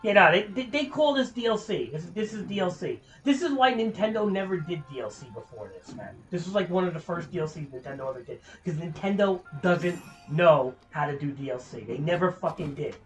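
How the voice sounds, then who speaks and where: A man's voice: high voice, animated, a little fast, faint music behind. A young man streaming a game, ranting with lots of swearing in frustration. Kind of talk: casual gameplay commentary.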